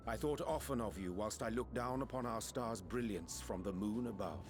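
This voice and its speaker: A man's voice: on the low side, moderate pace, lightly acted. An actor playing a dramatic male scholar who speaks in old-fashioned, formal phrasing in a video game. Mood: solemn. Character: grave theatrical male scholar, archaic speech. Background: game music.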